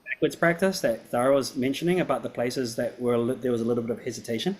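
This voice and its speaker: A man's voice: medium pitch, steady tone, quick pace, darkish tone. A man teaching piano, giving a student encouraging feedback in a performance class and often checking that he is understood.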